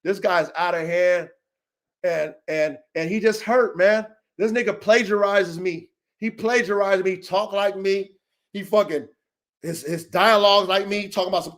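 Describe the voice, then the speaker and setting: A man's voice: high voice, normal speed, a bit bright. A man hosting a dog-training show, delivering a heated, profane, repetitive rant that calls out a rival.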